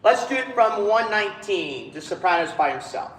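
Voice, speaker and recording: A man's voice: sits high, big pitch swings, moderate pace, a bit bright. A man directing a choir rehearsal, counting in the singers and singing phrases to show them. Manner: counts in and sings phrases to demonstrate. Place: large echoey rehearsal hall. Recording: roomy hall with choir and piano behind. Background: choir singing and instruments.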